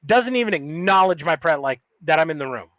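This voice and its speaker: A man's voice: fairly high pitch, lively intonation, brisk, a bit bright, dry recording, muffled recording. A man co-hosting a podcast, telling a long story in a rambling, profane, casual way with many restarts. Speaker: podcast co-host.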